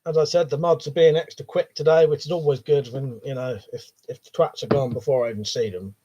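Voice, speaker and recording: A man's voice: medium pitch, fairly even intonation, quick pace, dark tone. A man hosting a live stream, reading viewer comments aloud and chatting back casually with plenty of swearing. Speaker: livestream host. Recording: dull lo-fi stream audio.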